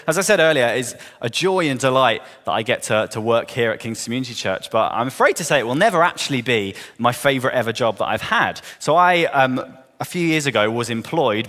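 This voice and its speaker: Southern English preacher in a reverberant hall. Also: male voice, mid-range voice. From southern England. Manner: earnest, builds to emphatic questions then drops soft. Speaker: pastor. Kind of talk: sermon. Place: church hall.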